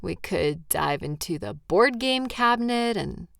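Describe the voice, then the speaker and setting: A woman's voice: medium pitch, expressive, unhurried, creaky, fairly bright tone, no room sound, clean studio sound. A woman in a comfort role-play who is tired and yawning, talking sleepily and reassuringly to a partner. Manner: sleepy, reassuring, playful teasing. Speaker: audio role-play performer.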